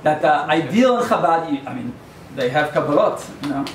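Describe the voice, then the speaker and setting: A rabbi with a fairly high, expressive voice speaks briskly, delivering a sermon full of digressions, jokes and stories. He's recorded from a distance in the echoey lecture hall of a yeshiva, with a faint hum underneath.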